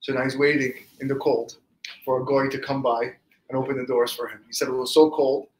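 A man, a rabbi, giving a storytelling Torah class and lively acting out the quoted speech of the people in his stories. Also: mid-range voice, fairly quick, roomy sound, low-quality recording.

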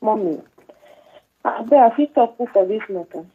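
A woman's voice: mid-range voice, animated, a little slow, slightly rough. A Nigerian woman caller, calling in to a live show to reassure the host earnestly. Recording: tinny phone line.

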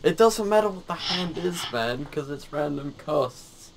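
A man's voice: fairly high pitch, expressive, unhurried, vocal fry, crowd noise, low-quality recording. A man teasing his friend and laughing a lot while playing a card game. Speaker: gaming video host. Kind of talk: casual gameplay chat. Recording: game music behind.

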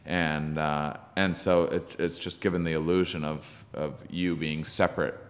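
A comedian being interviewed, telling a story in a halting, searching way with many ums and restarts. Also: male voice, a bass voice, little pitch movement. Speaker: podcast guest, comedian. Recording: long reverb from the room.

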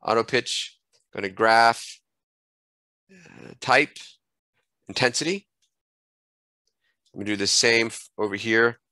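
A man giving a screen-recorded software tutorial, thinking aloud and correcting himself as he clicks through menus at a desk microphone. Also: fairly low pitch, slow, pauses often, no room sound, rough recording.

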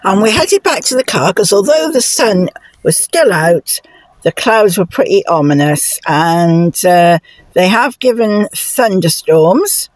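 A woman narrating her travel vlog in a chatty, relaxed way, pausing on fillers. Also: no echo. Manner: coos to her dogs in high sing-song tones. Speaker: travel vlogger.

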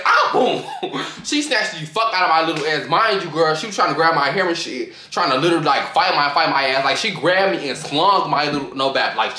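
A young man telling a profane, animated storytime to his vlog audience, often breaking into laughter. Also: a little high. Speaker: vlogger. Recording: echoey room.

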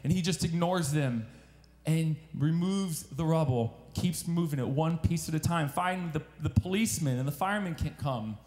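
A man's voice: fairly high pitch, moderate pace, darkish tone. Earnest preacher man in an echoey hall. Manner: earnest, repeats phrases, lots of restarts. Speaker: youth retreat preacher. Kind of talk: sermon with a told story.

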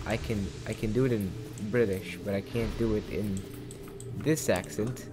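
A man's voice: fairly low pitch, moderate pace, over music. A young man giving casual commentary over a game, reading in-game text aloud with joking asides. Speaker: gaming channel host.

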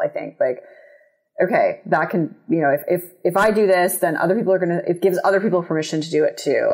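A woman hosting an interview, halting and restarting often as she searches for her words. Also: low-pitched, darkish tone. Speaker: podcast host. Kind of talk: casual interview chat.

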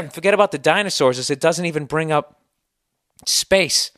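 A man's voice: fairly high pitch, normal speed, fairly bright tone, no echo, clean studio sound. A man hosting a solo podcast, answering listener email in a heated, sarcastic, profane rant. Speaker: podcast host.

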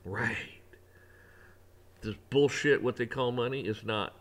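A man's voice: mid-range voice, slow pace, fairly bright tone. A man giving a ranting opinion monologue, preachy and emphatic, repeating phrases and swearing as he preaches about faith. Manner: religious preaching tone. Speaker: online commentator.

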